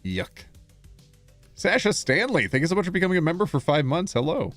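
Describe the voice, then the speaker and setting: A male streamer talking straight into a close desk mic, his pitch bouncing all over as he reacts. He jumps between mock outrage and laughter. The sound is dry, with faint music playing behind him. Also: sing-song, brisk, a bit bright, dry recording. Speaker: streamer reading posts. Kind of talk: casual live-stream reaction reading.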